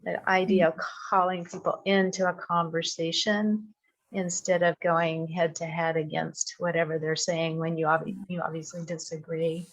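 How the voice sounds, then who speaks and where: A woman in a church class sharing a thoughtful comment, measured with pauses. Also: on the low side, level tone, poor audio. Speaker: class participant.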